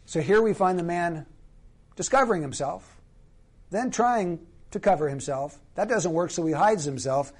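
High-voiced man preaching earnestly. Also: animated. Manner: earnest, emphatic preaching with slow, stressed phrases. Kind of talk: sermon.

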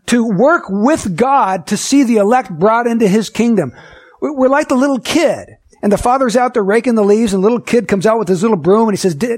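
A man preaching a sermon, earnest and emphatic, asking the listeners rhetorical questions and slowing down to stress key words. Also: sits high. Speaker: pastor.

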